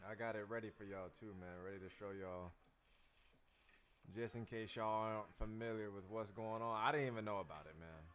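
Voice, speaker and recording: A man's voice: fairly low pitch, fairly quick, fairly bright tone, soft background music. A man hosting a casual livestream as a dance teacher, talking loosely in slang to his viewers and repeating his phrases.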